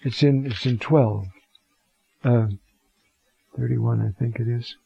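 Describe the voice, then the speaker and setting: A man teaching a Scripture talk in an unhurried, reflective way, pausing often as he looks up verses. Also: medium pitch, fairly even intonation, gravelly, dark tone, slightly rough, no room sound, dull audio. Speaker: Bible teacher.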